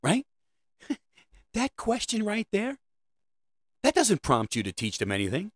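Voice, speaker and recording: A man's voice: high-pitched, wildly swooping pitch, measured pace. A middle-aged man delivering a rambling, sarcastic comedic monologue about parenting. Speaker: comedic host.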